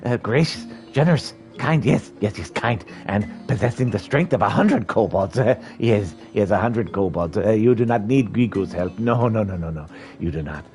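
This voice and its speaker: A man's voice: on the low side, expressive, moderate pace, darkish tone, faint music behind, close to an everyday voice. A man voicing a timid, fretful male kobold in a game, stammering and piling up anxious synonyms. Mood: whiny. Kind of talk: reading game dialogue aloud in character.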